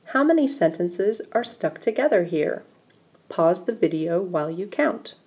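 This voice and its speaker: Lady explaining sentences slowly and patiently, kinda low warm voice. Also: animated, husky. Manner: patient, step-by-step explaining while pointing at examples. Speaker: English writing teacher. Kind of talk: recorded grammar lesson.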